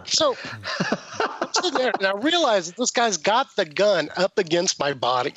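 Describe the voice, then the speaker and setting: Storyteller man, high-pitched, animated, laughs often. Close, dry, lo-fi sound. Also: normal speed, dry recording. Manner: animated, acts out quoted dialogue, laughs between lines. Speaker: podcast guest telling a story. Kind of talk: casual anecdote storytelling. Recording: dull lo-fi sound.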